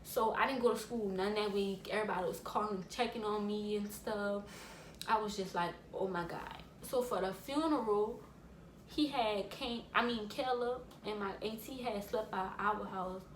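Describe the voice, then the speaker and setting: A woman vlogger of ordinary pitch recounts a personal story in a casual, rambling way, full of restarts and asides. The recording sits in a small echoey room, with a soft layer of background noise. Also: moderate pace.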